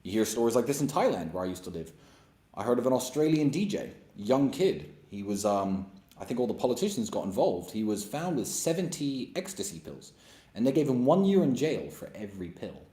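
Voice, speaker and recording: A man's voice: medium pitch, very animated, fairly quick, warm tone, echoey room. A man hosting a question-and-answer session, giving blunt, emphatic and sarcastic opinions. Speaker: host answering viewer questions. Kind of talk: opinionated monologue.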